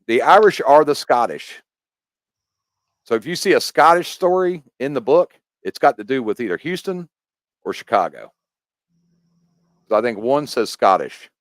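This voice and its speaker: A podcast guest from the United States chats casually, explaining things in a rambling, animated way with many restarts. His voice is medium-pitched at normal speed, with long pauses and no echo.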